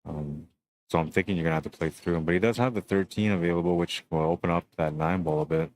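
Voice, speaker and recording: A young adult man giving relaxed, chatty live commentary on a pool match and greeting stream viewers. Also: deep voice, fast, no room sound.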